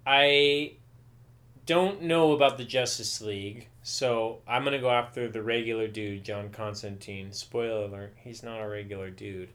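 This podcast co-host chats casually about a comic book, dropping wry, joking asides. His voice is lowish and fairly bright, with fairly even intonation at a normal speed.

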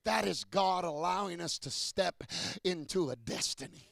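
A man preaching a sermon to a congregation, asking questions and building from low talk to shouted peaks. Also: expressive, normal speed, vocal fry, dry recording.

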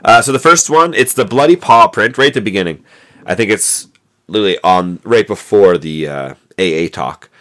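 On a noisy amateur mic, a man co-hosts a podcast, chatting casually about a movie. His lowish voice is animated and fairly bright, moving at a moderate pace as he rambles with lots of fillers and restarts.

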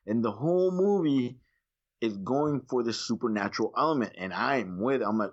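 Animated swearing man on a slightly dull recording. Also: medium pitch, normal speed. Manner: animated, swears freely, acts out his own reactions. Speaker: podcast co-host reviewing movies. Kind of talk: casual chat.

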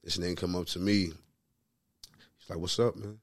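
A man's voice: lowish voice, lively intonation, fairly quick, vocal fry, crowd noise. A man in his thirties co-hosting a podcast, telling a story in casual chat, full of slang and repeating "you know what I'm saying". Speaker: podcast co-host.

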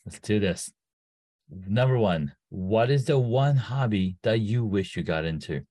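A man's voice: lowish voice, expressive, measured pace, mellow, husky, no room sound. A man hosting a podcast interview, upbeat and encouraging with his guest. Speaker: podcast host.

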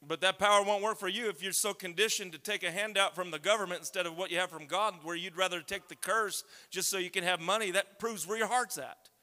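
A man preaching a sermon, talking conversationally and then building up to loud shouts. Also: high voice, fairly even intonation, fast, few pauses. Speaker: pastor. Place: church sanctuary. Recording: long reverb of a large hall.

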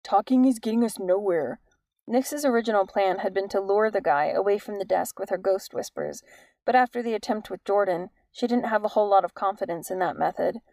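A woman reading an audiobook in an even, measured storytelling manner. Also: mid-range voice, gravelly, no echo. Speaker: audiobook narrator. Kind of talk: scripted narration.

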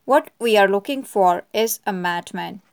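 A woman's voice: mid-range voice, unhurried, clear, resonant tone, lightly acted. A woman voicing a worried middle-aged male doctor who speaks in clipped, impatient bursts.

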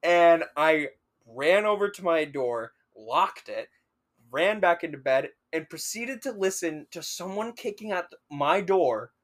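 A young man telling a story on a casual podcast, animated and swearing freely. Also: on the high side, unhurried. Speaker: podcast co-host.

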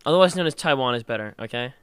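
A man's voice: medium pitch, lively intonation, rapid-fire, a bit bright. A man co-hosting a casual chat, hesitant and rambling, often restarting and laughing. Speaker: podcast co-host.

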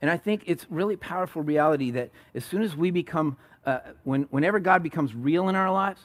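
Speaking a little fast in a slightly high voice, a male pastor retells a story during his sermon with animated energy. He acts out the quoted lines and stumbles into restarts along the way.

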